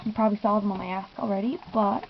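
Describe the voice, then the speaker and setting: A woman's voice: medium pitch, steady tone, racing, vocal fry, muffled recording, a little hiss or hum. A young woman telling a giggly, gushing story in a casual vlog, often acting out what she said. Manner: gushing, giggly, lots of "I was just like". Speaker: fan vlogger.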